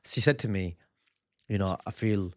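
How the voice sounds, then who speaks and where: A man's voice: low-pitched, moderate pace, no room sound. A man co-hosting a podcast from home, joking and teasing his wife in casual chat. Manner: teasing, jokey. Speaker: podcast co-host, comedian. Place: family home.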